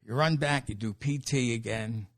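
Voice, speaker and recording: An older New York comedian tells profane stories in a casual interview, acting out the people in them. He's an animated storyteller who performs the quotes and swears freely, speaking at normal speed in a mid-range voice.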